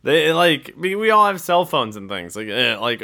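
A man's voice: medium pitch, sing-song, normal speed, few pauses, sharp tone. A young man hosting a casual solo podcast, rambling and laughing at himself as he talks. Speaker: podcast host.

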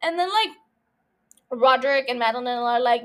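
A young woman with a high voice hosts a casual podcast recap, rambling from thought to thought. She swears freely and pokes fun at herself. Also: moderate pace, pauses often, fairly bright tone. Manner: rambling, profane, self-mocking, prone to laughing asides. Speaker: podcast host.

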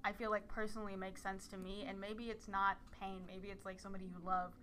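A young woman reading a poem in a measured way, then talking about it hesitantly with many fillers. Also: mid-range voice, level tone, sharp tone, slight background noise. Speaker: poem reader and guest. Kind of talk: poetry reading and casual discussion.

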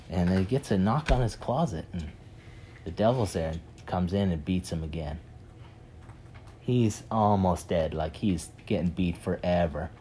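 A man telling a parable in a casual, animated way, with many fillers and repeats. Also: low voice, normal speed, slight background noise. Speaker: speaker retelling a parable. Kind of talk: animated storytelling talk.

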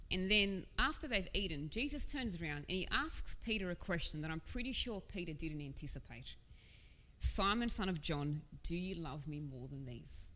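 A woman with a low voice delivers a sermon, earnest and conversational, dropping casual asides as she goes. Her words ring out with a long reverb, as if spoken in a large hall. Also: sharp tone. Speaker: preacher.

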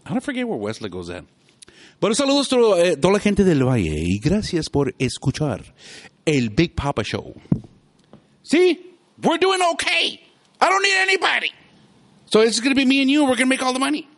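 A middle-aged man chats on his own show in a loose, rambling way, his pitch bouncing high and low and often breaking into laughter. His voice sits a little high for a man, and the talk is loose and unscripted. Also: wildly swooping pitch, a little fast, pauses often, a bit bright. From South Texas. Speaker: podcast host. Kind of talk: casual chat.

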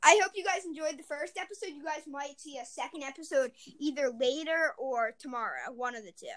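A young woman hosting a casual podcast with friends, bossy and quick to steer the talk. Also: high voice, fairly bright tone. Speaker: podcast host. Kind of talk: casual chat among friends.

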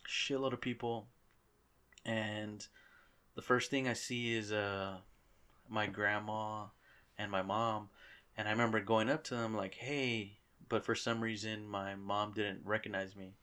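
A man's voice: lowish voice, level tone, unhurried, pushed and bright, smooth. Laid-back man telling a story. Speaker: podcast co-host. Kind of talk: casual podcast chat.

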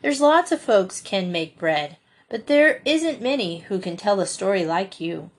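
A woman's voice: mid-range voice, animated, measured pace, husky. This is a grave, earnest young boy from a storybook, plain-spoken and sincere, voiced by a woman reading aloud. He sounds close to the narrator's own voice. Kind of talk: audiobook reading.

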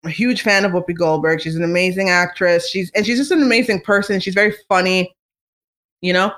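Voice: medium pitch, fairly quick. Chatty, filler-heavy podcast host. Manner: chatty and animated, many fillers and restarts. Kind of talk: casual celebrity gossip monologue.

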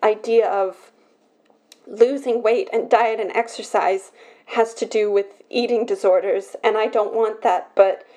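A young woman opening up on a podcast, her mellow, warm voice catching as she restarts her sentences. She sounds emotional and hesitant, speaking at a middling pitch. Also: steady tone. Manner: emotional, halting, many restarts. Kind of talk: personal confessional talk.

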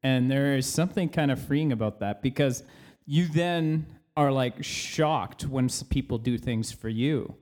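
A man's voice: mid-range voice, a little slow, a little mellow. A man co-hosting a podcast, chatting in an easygoing, joking way. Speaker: podcast co-host. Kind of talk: casual chat.

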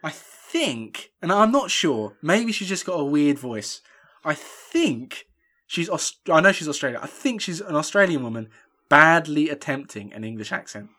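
A young man co-hosting a casual film review podcast, rambling and animated, with lots of fillers and restarts. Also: fairly high pitch, normal speed. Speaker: podcast co-host.

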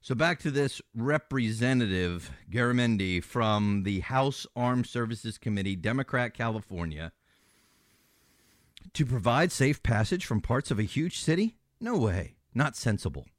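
Guy filling in on talk radio, ranting and sarcastic, pitch jumps all over. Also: lively intonation, measured pace, dry recording, studio quality. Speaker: fill-in talk radio host. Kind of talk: political talk radio commentary.

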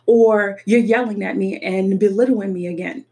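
Woman, young adult, personal reflective talk, earnest, emphatic, repeats her points, mid-pitched voice. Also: fairly even intonation, a little slow, a little mellow.

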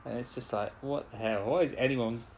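A man's voice: medium pitch, brisk, vocal fry, a little mellow. A man co-hosting a casual chat about a TV episode, rambling and full of "like" and restarts, laughing easily. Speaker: podcast co-host.

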